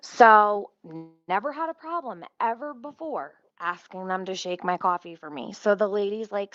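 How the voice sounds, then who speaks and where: A woman's voice: medium pitch, normal speed, dry recording, lo-fi sound. Swearing woman telling a rambling story. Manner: profane, rambling and animated. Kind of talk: casual storytime. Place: at home near her kitchen stove.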